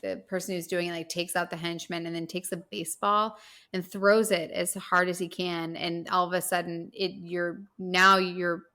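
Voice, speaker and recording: A woman co-hosting a casual film podcast roundtable, relaxed and rambling, with many "like" and "kind of" fillers. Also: lowish voice, moderate pace. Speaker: podcast co-host.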